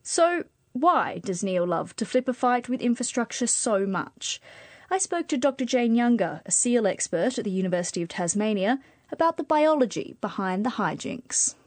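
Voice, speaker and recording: A woman presenting radio news in a crisp, scripted way. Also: a little high, moderate pace, no room sound. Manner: crisp, even, scripted delivery.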